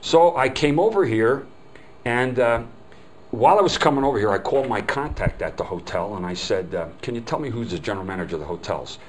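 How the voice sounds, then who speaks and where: A man's voice: mid-range voice, animated, a little fast, a little hiss or hum, rough recording. An older man giving a live customer service training talk, telling folksy stories and acting out the quoted dialogue. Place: hotel meeting room.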